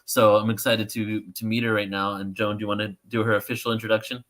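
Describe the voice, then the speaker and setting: A man co-hosting a live stream, with a lowish voice that has a bright, forward edge. He chats in a casual, easygoing way and drops in fillers as he goes. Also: flat delivery, quick pace. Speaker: co-host.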